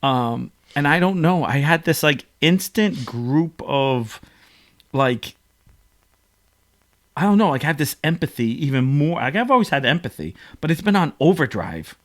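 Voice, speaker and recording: A man's voice: a little high, very animated, measured pace. A man hosting a podcast, telling stories in an emotional, rambling casual chat. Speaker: podcast host.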